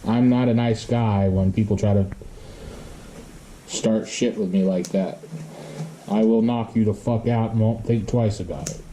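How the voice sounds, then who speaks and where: Slow, very dark-voiced swearing man. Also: lowish voice, fairly even intonation, a little hiss or hum. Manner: blunt and profane, swears constantly. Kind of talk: casual storytelling monologue.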